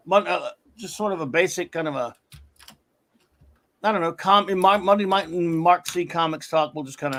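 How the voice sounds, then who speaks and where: A man's voice: on the high side, a bit bright. A man hosting a live podcast stream, casually greeting viewers by name and rambling through show notes with lots of fillers. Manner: friendly roll call greeting viewers by name. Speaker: podcast host.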